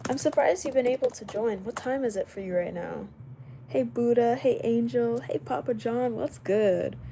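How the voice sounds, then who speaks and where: Young woman, late-night livestream host, casual chatty talk, laughs often, mellow voice, faint background hiss. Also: fairly high pitch, vocal fry. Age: young adult. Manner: chatty, greets viewers by name, laughs often. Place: indoors at home, late at night.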